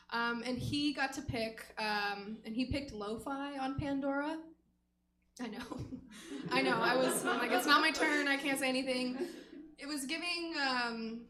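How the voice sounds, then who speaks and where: A woman comic with a high, bright voice tells frank, self-mocking stories on a theater stage, giggling between lines. The room is echoey. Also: a little hiss or hum. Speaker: stand-up comic. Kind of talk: stand-up set.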